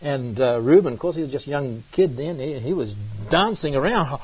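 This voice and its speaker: A middle-aged man from New Zealand with a New Zealand accent, preaching a sermon and telling personal stories in an animated way, often exclaiming. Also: fairly high pitch, normal speed, hardly any pauses. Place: church. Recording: dull lo-fi recording.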